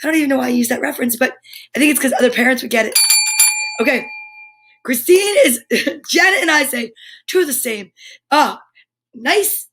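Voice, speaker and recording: Bubbly high-voiced woman hosting live. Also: a little fast, long pauses, a bit bright. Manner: bubbly, playful and silly; chatty, addresses viewers directly. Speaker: host of a live kids' show. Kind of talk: live-stream chat with viewers' comments.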